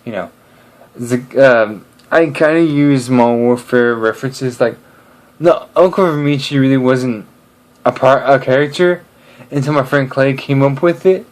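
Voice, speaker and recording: A man's voice: mid-range voice, normal speed. A man chatting casually to camera in a hesitant way, full of fillers and restarts.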